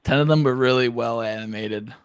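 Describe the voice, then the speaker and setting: A man co-hosting a podcast in casual chat, animated and profane, acting out scenes in silly voices. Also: mid-range voice, a little fast, clear, resonant tone, dry recording. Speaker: podcast co-host.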